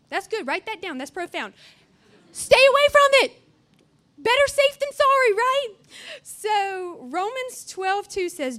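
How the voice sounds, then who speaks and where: A young woman giving a chatty, earnest youth-camp sermon with playful asides. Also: sits high.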